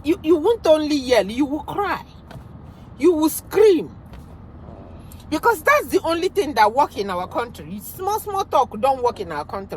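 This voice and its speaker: A middle-aged woman with a Nigerian accent delivers a heated commentary vlog. Her voice sits somewhat high and swoops widely up and down, punctuated by emphatic outbursts. A faint hum of background noise sits under her voice. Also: very animated, normal speed. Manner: emphatic, ranting, loud outbursts. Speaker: vlogger commenting on news.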